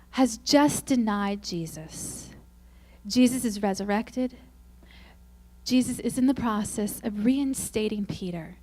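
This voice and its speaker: A woman speaking at a Christian women's conference, telling self-mocking, humorous stories and acting out quoted lines in a higher, louder voice. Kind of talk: faith-based conference talk.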